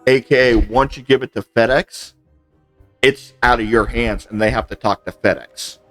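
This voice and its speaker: A man's voice: medium pitch, steady tone, normal speed, fairly bright tone, dry recording, soft background music. A man chatting casually while gaming, telling a long complaint story and acting out both sides of the conversations he quotes. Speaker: gaming channel host.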